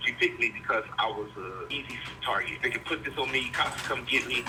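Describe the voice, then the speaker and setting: A man's voice: medium pitch, brisk, background noise. A man in his forties from Virginia, talking earnestly and rambling a little in an interview, calling in by phone from prison. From Virginia, USA. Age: 40s. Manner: earnest, rambling, speaks plainly. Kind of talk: candid interview.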